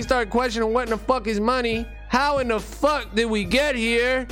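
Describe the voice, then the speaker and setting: A man's voice: very high-pitched, lively intonation, moderate pace, hardly any pauses, a bit bright, faint music behind. A man delivering an unscripted, rambling monologue rant, full of slang and profanity. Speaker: vlogger on money and bitcoin.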